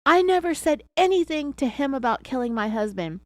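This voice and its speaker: A woman voicing a confrontational male FBI agent, yelling and pressing hard with questions. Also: high voice, big pitch swings, fairly quick, dry recording, voice pushed up. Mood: angry, accusing. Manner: yelling, accusing, relentless questioning.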